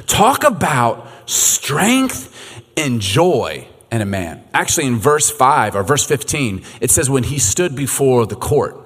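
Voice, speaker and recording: A man in his thirties, a youth pastor preaching a sermon as an animated storyteller who laughs often. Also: medium pitch, slow, slightly rough. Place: church hall. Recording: echoey hall.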